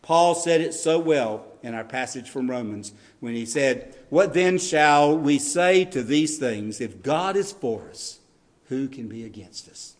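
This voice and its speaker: A man preaching a sermon as pastor, earnest, rising on scripture readings and dropping low to stress key lines, with occasional ums and restarts. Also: lively intonation, unhurried.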